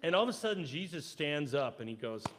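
A male pastor preaches quickly in a church sanctuary, his voice pitched slightly above the typical man's. He is animated throughout, performing the voices he quotes and dropping from loud outbursts into hushed asides.

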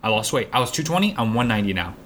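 A man's voice: medium pitch, big pitch swings, very fast, fairly bright tone, a little hiss or hum. A man in his twenties in casual chat, blunt and swearing heavily as he rants. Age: 20s.

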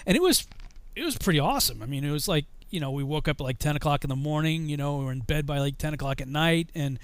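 A man's voice: a little high, animated, quick pace, clear, resonant tone, no room sound. A man telling a funny army story casually, laughing often and saying you know a lot.

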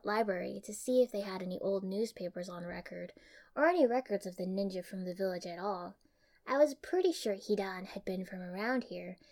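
A young woman reading fan fiction aloud in an expressive, even storytelling manner. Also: mid-range voice. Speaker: audiobook reader.

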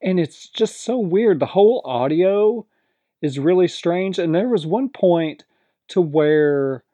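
Man, casual recap, rambling with fillers, mellow dark tone, dry close sound. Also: sits high, animated, slow, no echo. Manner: rambling, filler-heavy retelling with quoted lines. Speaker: reality show recapper.

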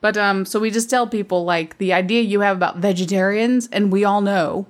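A woman in her fifties talks in a loose, casual podcast chat. She is blunt and straight-talking, with no filter, and she laughs easily between her points. Her voice sits at an ordinary middle pitch for a woman. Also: steady tone, fairly quick. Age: 50s. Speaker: podcast co-host.

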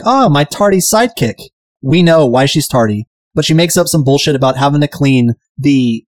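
A man chatting through a TV recap with an irreverent, profane edge. His voice sits a little high for a man, and it is recorded close and dry with no room sound. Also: darkish tone, dry recording. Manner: irreverent, profane, mimics characters. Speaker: podcast host. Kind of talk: casual episode recap chat.

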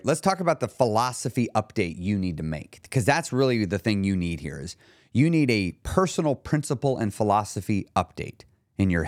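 This podcast host, a man working as a weight loss coach, talks straight to his audience in monologue form, animatedly telling stories and performing the people in them. His voice is mid-range, and the recording is dry and clean, studio-grade.

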